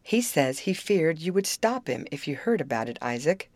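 A stern yet fond father muses over a letter in a storybook, voiced by a woman narrator. The voice sits low with lively pitch movement, recorded close and dry. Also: no room sound. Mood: measured. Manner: measured, musing, dryly humorous. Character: stern but fond middle-aged father.

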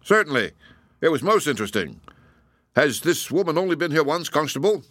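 A man voicing a sharp, commanding detective who gives crisp orders. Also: fairly high pitch, sing-song, a little fast, no room sound, voice pushed up. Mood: probing.

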